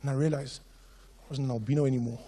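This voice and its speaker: A young man telling stand-up comedy stories, animated and acting out characters and sound effects. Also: medium pitch, racing, a little hiss or hum. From South Africa. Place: live comedy stage.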